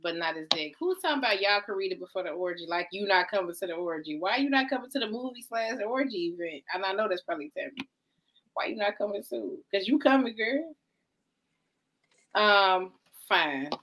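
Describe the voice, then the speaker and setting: A young woman, co-hosting a casual podcast, loud and profane, ranting and joking. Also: mid-range voice, animated, brisk. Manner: loud, profane, laughs hard and rants. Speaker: podcast co-host. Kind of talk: casual chat.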